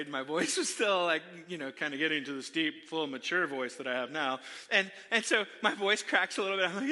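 In a large church hall with long reverb, a middle-aged pastor with a high, bright, sharp male voice tells animated, self-deprecating stories in his sermon, often turning to the crowd. He speaks a little fast, with few pauses.

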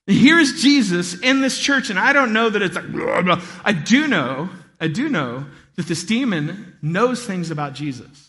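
A man giving a sermon as a pastor, telling stories in a lively way and acting out voices. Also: high-pitched, moderate pace, few pauses, long reverb tail. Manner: animated storytelling, acts out voices. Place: church hall.

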